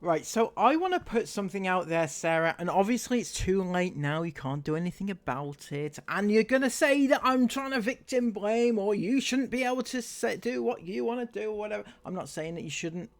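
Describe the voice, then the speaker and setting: A man giving reaction commentary in a mocking, sarcastic tone. His voice sits somewhat high for a man. It swings widely up and down as he jeers. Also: lively intonation, fairly quick, few pauses. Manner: mocking, sarcastic, laughs at the clips. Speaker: commentary YouTuber.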